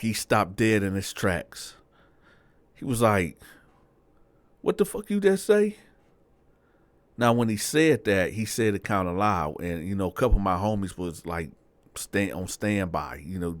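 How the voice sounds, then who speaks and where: A man telling a personal story in a relaxed, slangy, conversational way, close to the mic. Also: low-pitched, normal speed, no room sound. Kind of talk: casual storytelling.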